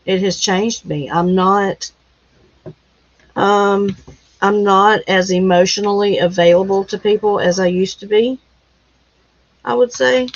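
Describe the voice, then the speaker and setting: Lady minister doing a live chat, slow and soft, lots of ums, kinda dull lo-fi audio. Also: medium pitch, fairly even intonation. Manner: gentle, consoling, with many pauses and fillers. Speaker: minister and live-stream host. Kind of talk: casual live chat answering viewer comments. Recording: dull lo-fi sound.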